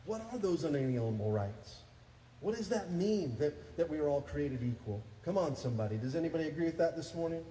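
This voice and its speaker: Man in his 30s, pastor type, mellow timbre, energetic sermon with call-and-response, echoey hall. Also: fairly high pitch, a little fast, slight background noise. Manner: energetic preaching, calls for responses, rises to loud peaks. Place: church sanctuary. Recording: echoey hall, faint ambience.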